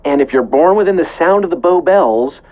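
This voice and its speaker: Hosting a live trivia show, this man has a fairly high, animated voice and speaks at a moderate pace, though the recording cuts off the highs. He's playful and full of puns, singing snippets between the questions.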